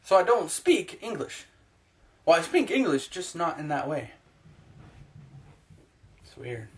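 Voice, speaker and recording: A man from the United States rants about sports to his camera. His talk is heated and profane, with rapid-fire outbursts and sarcastic asides. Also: fairly high pitch, big pitch swings. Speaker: sports vlogger. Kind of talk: ranting sports opinion vlog.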